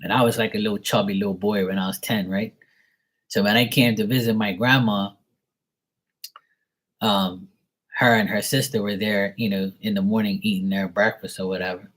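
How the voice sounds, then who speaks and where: Brief: low, husky man, rambling and crude, lots of filler words. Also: steady tone, normal speed, fairly bright tone. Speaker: tarot reader. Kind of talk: casual storytelling.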